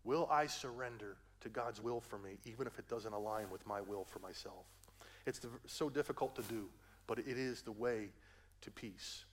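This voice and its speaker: Older male pastor, sermon delivery, dynamic from hushed to booming, folksy. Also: moderate pace, slight background noise. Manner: swings from hushed and gentle to loud climactic preaching; folksy asides, addresses listeners as folks.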